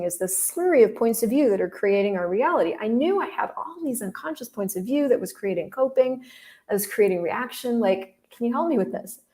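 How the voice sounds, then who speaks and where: A woman hosts a podcast with a warm, mellow voice. She tells a story in a loose, chatty way, talking straight to her listeners. She is candid and swears casually. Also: on the high side. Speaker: podcast host.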